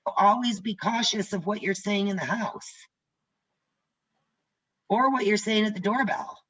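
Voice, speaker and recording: An older woman instructor talks to her trainees over a video call in a chatty, direct way, often telling stories from the job. Her voice is bright and forceful. The sound is slightly muffled. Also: medium pitch, a little slow, breathy edge. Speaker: real estate instructor. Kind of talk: casual teaching on a video call.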